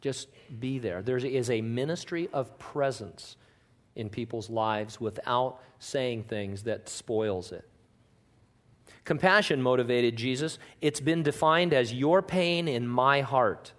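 A male pastor preaching in church in a mid-pitched voice. He talks casually and with humour, his pitch and volume rising and falling as he tells the story. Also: slow pace. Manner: conversational and joking, with wide swings in pitch and loudness. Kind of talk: sermon.

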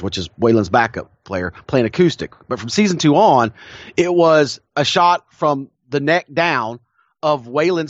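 A man's voice: medium pitch, dry recording, lo-fi sound. Enthusiastic man chatting about an old show. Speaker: podcast host. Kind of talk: casual nostalgic chat.

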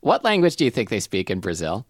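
A man co-hosting a comic chat, hesitant and halting, restarting his sentences. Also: fairly low pitch, dry recording, studio quality. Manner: halting, hesitant, many restarts and fillers, animated. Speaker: co-host.

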